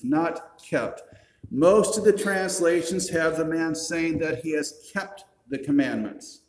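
A man's voice: fairly high pitch, a little slow. A male pastor preaching a sermon. He reasons step by step, asks rhetorical questions and adds dry, wry asides. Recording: roomy echo.

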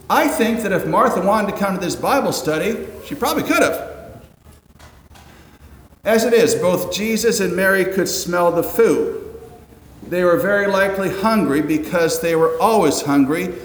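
A man's voice: on the high side, a little hiss or hum. A pastor in his fifties preaching a conversational sermon, full of wry asides and rhetorical questions. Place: church sanctuary. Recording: roomy echoing hall, faint ambience.

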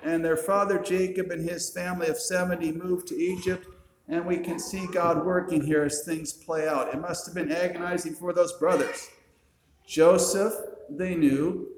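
A pastor preaching a sermon, retelling a story with dry asides to the congregation. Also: male voice, a little high, roomy sound, slight background noise, rough recording.

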